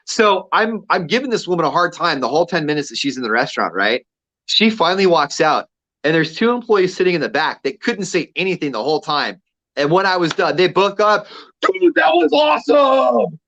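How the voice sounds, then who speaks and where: A man's voice: a little high, lively intonation, a little fast, bright, forceful tone, lo-fi sound. A man co-hosting a radio show, telling a story casually and acting out the quotes with energy.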